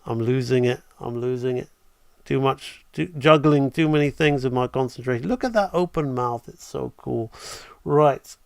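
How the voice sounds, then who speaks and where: A man's voice: medium pitch, normal speed, creaky, no echo. A man teaching animation on a live stream, enthusiastic and thinking aloud as he draws. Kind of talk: live-streamed drawing tutorial.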